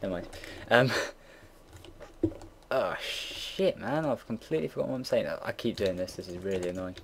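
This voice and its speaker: Speaking in a low, expressive voice with vocal fry at normal speed, a late-teen game builder narrates his computer build as casual gameplay commentary. He rambles, gets easily sidetracked, loses his thread, and swears offhandedly. A faint hiss lies under his voice, with soft keyboard typing and mouse clicks behind him.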